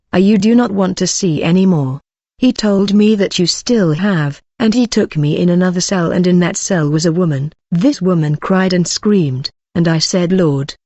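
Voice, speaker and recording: A man's voice: high voice, darkish tone, no room sound. A man solemnly narrating a religious testimony in plain storytelling, with quoted dialogue. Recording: dull, dry lo-fi voice recording.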